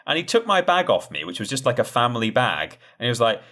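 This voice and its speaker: A young man co-hosting a casual podcast chat, telling anecdotes in a lively way. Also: fast. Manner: lively anecdote telling, pitch jumps when excited. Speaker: podcast co-host.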